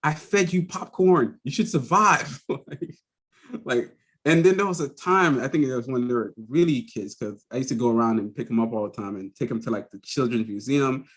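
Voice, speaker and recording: A man co-hosting a casual podcast conversation. He tells stories with lots of energy and laughs often as he goes. He drops into quick impressions of the people in his stories. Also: medium pitch, slightly rough. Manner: animated storyteller who acts out quoted voices; laughs often mid-sentence. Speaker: podcast host. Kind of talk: casual chat.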